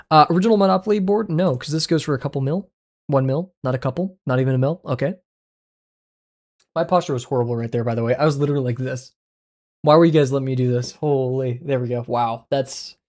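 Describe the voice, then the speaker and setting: Male streamer at a desk mic, casual running chat, mid-pitched, quick yelps and muttered asides. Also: darkish tone. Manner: chatty, reacting aloud with sudden yelps and mumbled asides. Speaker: art livestreamer. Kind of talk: casual livestream chat playing daily web games.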